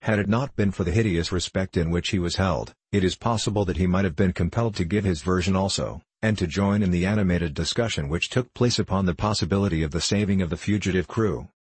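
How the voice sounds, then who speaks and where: A man narrating an audiobook in a steady, measured reading. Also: low voice, slightly rough, no echo.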